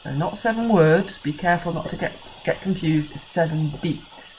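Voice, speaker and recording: English primary teacher, low voice, patient and clear, faint hiss behind. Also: female voice, a little mellow, poor audio. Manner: slow, clear counting of syllables for children. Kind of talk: recorded screencast lesson.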